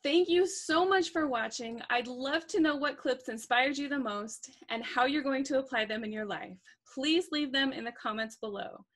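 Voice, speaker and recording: Earnest high-voiced woman closing a video. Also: moderate pace, hardly any pauses, a bit bright. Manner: earnest and encouraging. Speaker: channel host. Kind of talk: scripted outro.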